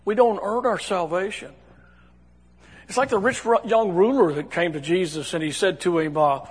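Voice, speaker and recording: Preacher, male, high husky voice, folksy and chatty, church hall with a long echo. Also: expressive, measured pace. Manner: folksy, conversational, many restarts. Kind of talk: sermon.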